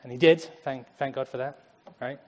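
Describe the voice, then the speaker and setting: A young man preaching a lively sermon in a church, laughing often as he talks. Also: medium pitch, a little fast, in a large hall. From Germany. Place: church sanctuary.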